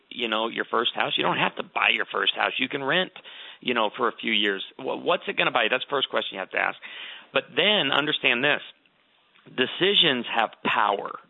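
A man's voice: medium pitch, vocal fry, dry recording. A middle-aged man giving earnest advice, telling stories with emphasis in a conversational talk. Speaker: guest author. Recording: tinny phone-like line.

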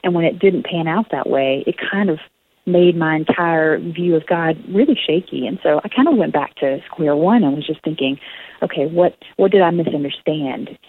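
A woman's voice: sits low, animated, moderate pace. A young adult woman with a Southern US accent, speaking as a guest author in a radio interview, earnest and reflective with many fillers and restarts. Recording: phone-line audio.

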